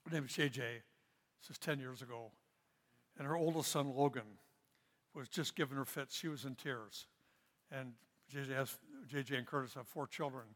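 A man's voice: mid-range voice, normal speed, long pauses, fairly bright tone. A middle-aged male pastor leading a parenting seminar, teaching in an earnest, folksy way and telling stories with asides. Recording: long hall reverb.

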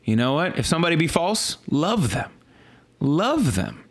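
Animated stuttering man preaching casually. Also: normal speed, husky. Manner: animated, repetitive, frequent restarts and stutters; swings between high exclaiming and low earnest tones. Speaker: pastor. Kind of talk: casual sermon follow-up talk.

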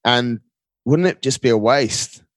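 Guest voice: energetic, emphatic man, frequent "mate", dry close sound. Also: medium pitch, a little slow, no room sound. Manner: upbeat, emphatic, keeps calling the listener mate. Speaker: guest, marathon runner. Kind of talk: casual interview talk.

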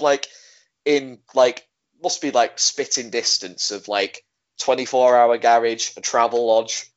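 A man co-hosting a casual podcast, rambling with many fillers and lively quoting of scenes. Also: mid-range voice. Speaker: podcast co-host. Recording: dull lo-fi sound.

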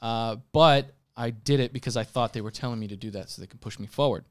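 Man, casual chat, earnest, halting, mid-pitched voice. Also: clean tone. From Greek heritage. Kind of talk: casual chat, telling a story.

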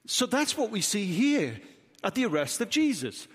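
A man's voice: high-pitched, sing-song, moderate pace, breathy edge. A man with a Welsh accent, preaching a sermon as pastor, emphatic and full of rhetorical questions. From Wales. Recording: reverberant hall.

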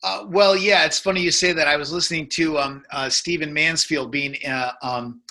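A man's voice: a little high, steady tone, normal speed, bright, forceful tone. A man in his fifties, a men's coach, telling a story in casual conversation, rambling with many fillers and restarts.

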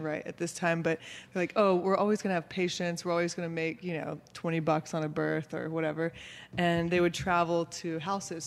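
A man explaining in a casual talk, agreeable and quick to back others up. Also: a little high, big-room sound. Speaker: birth professional guest.

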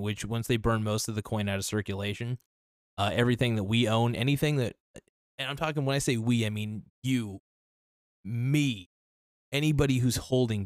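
A man with a lowish voice rambles through a solo podcast monologue, loose and profane, often restarting his sentences. His voice sounds a little worn, as if he is losing it. The sound is dry and close, with no room echo. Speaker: podcast host.

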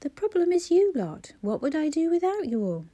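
A woman reading aloud voices a young mother who speaks wryly and protests gently. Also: high voice, sing-song, moderate pace, pitched above the performer's own voice. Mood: protesting. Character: warm, wry young mother.

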